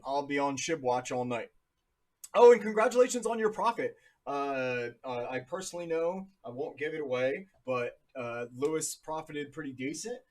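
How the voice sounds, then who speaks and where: A man in his thirties from New Jersey, casually talking through charts on a live stream in a chatty, jokey way. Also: medium pitch. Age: 30s. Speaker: crypto livestream host.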